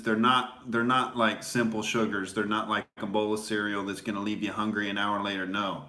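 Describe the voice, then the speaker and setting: A man's voice: fairly low pitch, bright, forceful tone. A man hosting a podcast as a comedian, rambling through a casual, sarcastic monologue. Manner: rambling and sarcastic, many fillers. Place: small home recording setup. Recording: echoey room.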